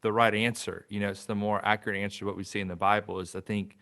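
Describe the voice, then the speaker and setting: Brief: male podcast host, very low and level voice, reflective and unhurried with fillers. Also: level tone, vocal fry, pushed and bright. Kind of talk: casual interview.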